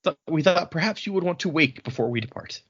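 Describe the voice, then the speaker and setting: A man's voice: fairly high pitch, lively intonation, fast talker, a bit bright, breathy edge, voice pushed up. A man voicing a courteous, nervous male slaver merchant who speaks in hesitant, formal phrases. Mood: polite. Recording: dull lo-fi podcast audio.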